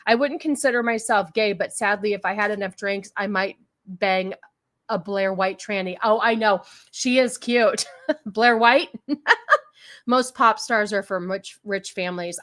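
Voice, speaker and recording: A woman's voice: medium pitch, fairly bright tone. A woman hosting a casual livestream podcast, talking in a sarcastic, mocking way and laughing often. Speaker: podcast host.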